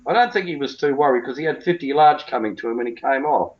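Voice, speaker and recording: A man's voice: medium pitch, fast, dull audio. Blunt, tough-talking cricket coach, a man. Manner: blunt, emphatic, colloquial. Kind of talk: interview.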